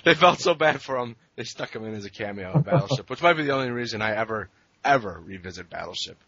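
A man hosting a podcast in casual chat, easygoing and quick to laugh. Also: medium pitch, expressive, fairly bright tone, lo-fi sound. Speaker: podcast host.

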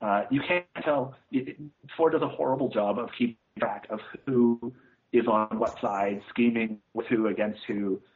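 A man's voice: medium pitch, fairly even intonation, moderate pace. Man on a tinny phone-like line. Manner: rambling and scathing, full of "uh" and "like". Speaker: podcast co-host reviewing films. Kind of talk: casual chat.

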